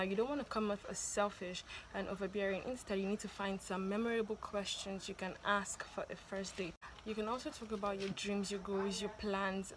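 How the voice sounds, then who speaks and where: A woman's voice: mid-range voice, slight background noise. A woman vlogger talking to camera, giving first-date advice in a chatty, insistent way and often adding "okay?" and "please". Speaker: vlogger giving dating tips.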